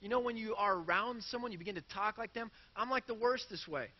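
A man's voice: high-pitched, quick pace, long reverb tail, dull audio. A man preaching a sermon in a church, earnest and self-deprecating as he works through quoted scripture. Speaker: pastor.

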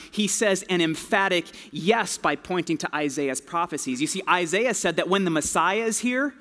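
A man's voice: high-pitched, animated, normal speed, hardly any pauses, pushed and bright. A man preaching a sermon in a casual, conversational storytelling way, full of slang. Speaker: pastor. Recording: long hall reverb.

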